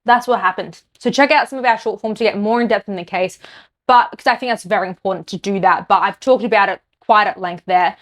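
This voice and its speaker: A woman's voice: medium pitch, brisk. An Australian woman, a podcast host, delivering an angry, blunt political rant to camera. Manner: heated, exasperated, speaks her mind bluntly.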